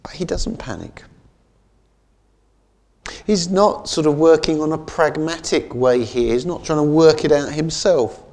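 A man preaching a sermon in a conversational way. He often adds "isn't it?" and slows down and softens on key phrases. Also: a little high. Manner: conversational, keeps asking "isn't it?".

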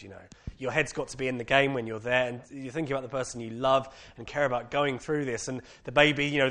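With a mid-range voice and British accent, a man gives an audience his personal testimony. He comes across as candid and animated, using many casual fillers.

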